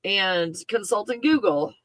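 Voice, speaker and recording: Bright-voiced woman chatting on a livestream. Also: mid-range voice, expressive, a little slow, no echo. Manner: rambling, laughing, talks to her puppy. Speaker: livestream host. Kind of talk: casual chat.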